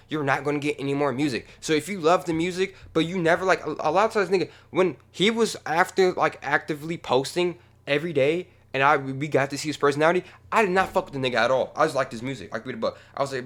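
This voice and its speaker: A young man running a music channel, talking casually in a rambling, profane way that moves from low mumbling to heated ranting. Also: quick pace, fairly bright tone. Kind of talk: casual reaction vlog.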